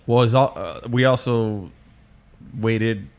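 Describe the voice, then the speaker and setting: A man's voice: lowish voice, slow pace. A man hosting a podcast, chatting casually and telling stories in loose slang with lots of swearing. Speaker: podcast host and DJ. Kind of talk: casual chat.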